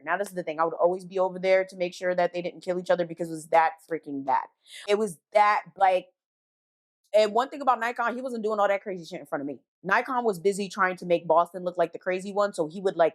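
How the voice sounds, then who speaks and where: Animated woman telling a wild story. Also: mid-range voice. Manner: animated, profane, slangy, acts out quotes. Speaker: storytime vlogger. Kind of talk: casual storytelling.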